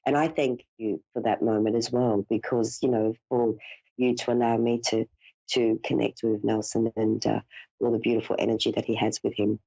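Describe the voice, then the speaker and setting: A woman's voice: very deep voice, little pitch movement, normal speed, gravelly, mellow, dry recording. A woman giving a live psychic reading, speaking in a soothing, reassuring way and calling her caller dear and darling. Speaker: psychic medium host. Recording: dull lo-fi broadcast audio.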